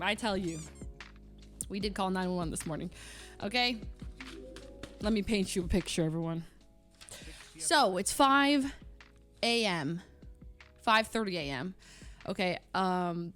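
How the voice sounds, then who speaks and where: A young woman with a mid-range voice streams, telling her chat a story in a casual, animated way, giggling and acting out sounds and voices.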